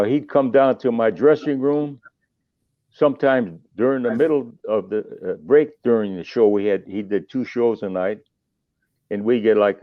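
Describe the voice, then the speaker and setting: A man's voice: on the low side, no echo. An older man, a musician guest on a podcast, telling long rambling stories with salty asides and restarts. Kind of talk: casual storytelling. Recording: tinny phone line, dry.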